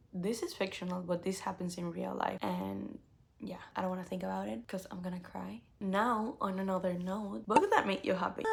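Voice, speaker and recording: A young woman vlogger chatting casually about books she loves, gushing and animated, full of "like" fillers. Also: mid-range voice, creaky. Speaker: book vlogger. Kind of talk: casual book tag chat.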